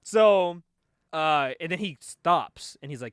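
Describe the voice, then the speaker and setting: Man, high lively voice, bright tone, laughing comic recap. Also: unhurried, no echo, studio quality. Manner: animated, laughs often, acts out the characters' lines. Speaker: podcast co-host. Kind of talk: casual comic book recap.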